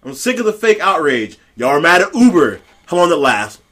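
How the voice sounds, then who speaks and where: A man on a podcast delivering a profane, heated rant, swinging between low growls and high shouted bursts. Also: sing-song, a little fast. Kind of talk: profane ranting commentary.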